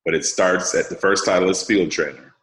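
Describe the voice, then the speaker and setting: A man's voice: deep voice, fairly quick, a bit bright. A man leading an online sales training call, explaining casually and step by step while checking that the group follows. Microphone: video call. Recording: roomy echo.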